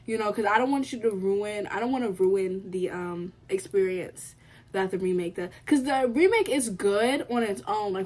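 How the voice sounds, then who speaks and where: A young woman from the United States chatting casually to camera about what she has been watching, emphatic and given to repeating herself. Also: medium pitch. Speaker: vlogger.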